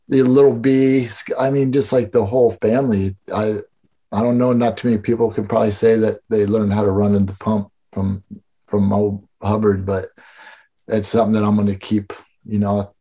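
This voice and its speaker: A man's voice: fairly low pitch, dark tone. A man telling stories in a casual interview, loose and rambling, full of fillers and swearing. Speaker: guest. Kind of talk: casual storytelling chat.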